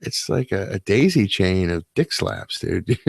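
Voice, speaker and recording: A gravelly man with a lowish voice co-hosts a late-night podcast chat. He is opinionated and makes crude jokes, stumbling over his own restarts. The sound is dry and close. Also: big pitch swings, measured pace, dry recording. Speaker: podcast co-host. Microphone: webcam setup.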